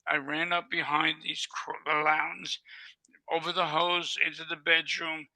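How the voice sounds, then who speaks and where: Bright, gravelly older man telling stories. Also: fairly high pitch, flat delivery, unhurried, dry recording, poor audio. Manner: vivid storyteller who acts out dialogue. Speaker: interview guest. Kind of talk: animated storytelling.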